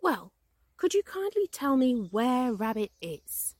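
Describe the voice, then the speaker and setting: A woman's voice: fairly high pitch, big pitch swings, takes it slowly, darkish tone, no room sound, clean studio sound, pitched above the performer's own voice, heavily acted. A woman voicing a friendly, hungry, simple-minded male bear in a storybook reading, earnest and polite. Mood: eager.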